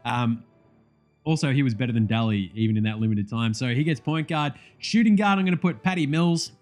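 A sports vlogger with an Australian accent rants casually about sport, his mid-range, darkish voice moving fairly quickly over faint background music. His delivery is profane, blunt and full of jokey banter.

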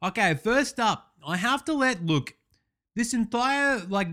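A man's voice: very high-pitched, expressive, measured pace, bright, forceful tone, voice pushed up, exaggerated voice. A man doing a smug, blustering Aussie sportsman. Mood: smug ranting. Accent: Australian. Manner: blustering, self-satisfied rant. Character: brash male sportsman ranting about online critics.

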